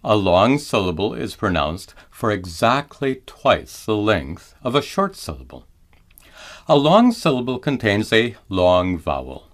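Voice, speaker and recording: A man teaching mantra pronunciation in a careful scripted lesson, slowing down to chant each example. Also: fairly low pitch, sing-song. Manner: slow, careful explanation with drawn-out chanted examples.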